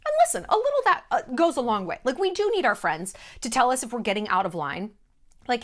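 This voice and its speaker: A woman's voice: fairly high pitch, very animated, quick pace, a bit bright. A woman hosting her own vlog, talking straight to camera in a blunt, emphatic way, swearing freely and hammering her points with short repeated phrases. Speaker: vlogger host. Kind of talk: direct-to-camera monologue.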